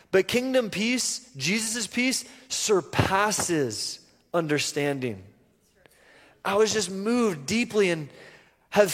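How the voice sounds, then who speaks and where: Earnest high-voiced man preaching in a hall. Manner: earnest, personal storytelling with halting restarts. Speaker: pastor. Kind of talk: sermon. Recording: reverberant church hall.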